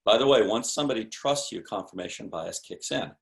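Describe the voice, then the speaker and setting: A man's voice: fairly low pitch, expressive, brisk, gravelly. A man speaking as a sales expert guest in a podcast interview, explaining in an emphatic, punchy coaching tone with rhetorical questions.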